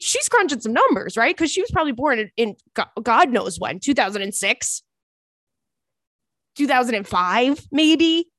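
A woman's voice: high voice, moderate pace, dry recording, studio quality. A woman, telling a story in casual chat as podcast host and acting out the people in it. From Long Island, New York. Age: 30s. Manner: animated, acts out voices in anecdotes.

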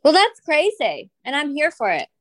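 A woman's voice: high-pitched, sing-song, dry recording. A woman co-hosting a podcast, chatting casually in a sassy, teasing way. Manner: sassy, teasing, quick reactions. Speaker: podcast co-host.

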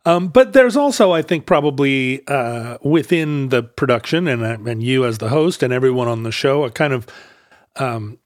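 A man hosting a casual podcast chat, asking curious questions with hesitant pauses and jokes. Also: medium pitch, lively intonation, dry recording, studio quality. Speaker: podcast host.

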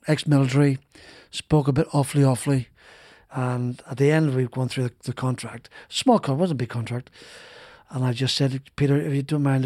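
A man's voice: mid-range voice, dark tone, no echo, clean studio sound. A middle-aged British man, a former racing driver, telling long rambling anecdotes in a podcast interview and acting out the dialogue he quotes. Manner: rambling, many restarts, acts out quoted dialogue.

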